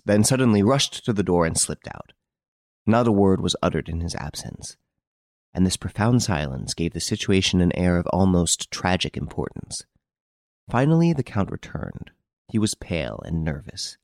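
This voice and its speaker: Low-voiced male audiobook narrator. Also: lively intonation, moderate pace, a little mellow, dry recording, clean studio sound. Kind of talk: audiobook reading of a classic novel.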